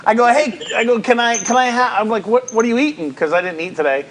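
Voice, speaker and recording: A man's voice: very high voice, fast, over a noisy crowd. A man co-hosting a casual talk show, telling rambling anecdotes full of quoted dialogue. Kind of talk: casual chat.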